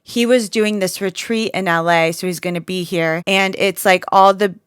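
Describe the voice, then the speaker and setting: A woman co-hosting a casual podcast chat, an animated storyteller who fills her talk with "like". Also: mid-range voice, moderate pace, smooth, no echo, clean studio sound. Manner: animated storyteller, says "like" constantly. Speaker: podcast co-host.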